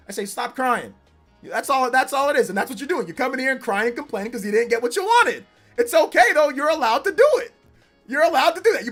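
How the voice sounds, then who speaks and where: A man in his forties chats casually on a live stream, his voice pitched high and bright. He is laid-back most of the time and breaks into animated teasing. Faint music plays under his voice. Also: fast talker. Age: 40s. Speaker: streamer reacting and reading live chat.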